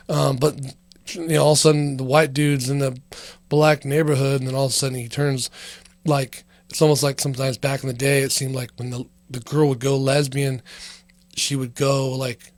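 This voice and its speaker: A man's voice: medium pitch, flat delivery, moderate pace, dry recording. A man hosting a casual comedy podcast, rambling loosely with lots of fillers and swearing. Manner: rambling, profane, heavy on fillers. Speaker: podcast host.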